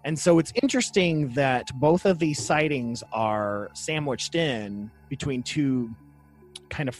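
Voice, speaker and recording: A man's voice: medium pitch, a little slow, faint music behind. A man co-hosting a casual podcast, joking and reading quotes aloud from sources. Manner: jokey, reads quotes aloud. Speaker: podcast co-host. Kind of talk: casual chat.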